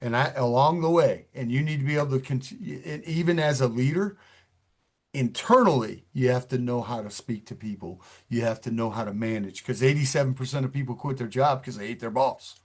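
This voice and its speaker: A man's voice: mid-range voice, a little fast. Earnest middle-aged man from New York, a police chief in an interview, repeating words as he thinks. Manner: earnest, repeats words while gathering thoughts. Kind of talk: interview conversation.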